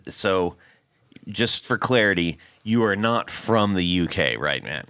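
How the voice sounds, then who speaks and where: Guy hosting a gear podcast, low-ish bright voice, rambly and jokey, dry sound. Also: expressive, a little slow, clean tone, no echo. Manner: rambling, self-correcting, jokey. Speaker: podcast host. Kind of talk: casual chat.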